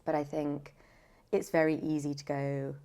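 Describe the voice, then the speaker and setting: A British woman voiceover artist talking in a podcast interview, chatty and animated with lots of fillers. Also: deep voice, moderate pace. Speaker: voiceover artist and audiobook narrator.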